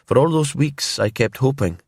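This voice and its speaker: A man voicing a brooding older woman from a remote island in a calm storybook crime tale, speaking softly and hesitantly in a lifted voice. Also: medium pitch, moderate pace, creaky, slightly rough, no echo, clean studio sound, pitched above the performer's own voice. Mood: wistful.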